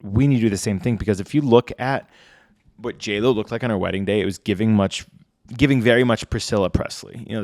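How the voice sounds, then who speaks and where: A man's voice: fairly low pitch, clean tone, no echo, clean studio sound. A young adult man hosting a casual solo podcast, chatty and conversational, with frequent fillers. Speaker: podcast host.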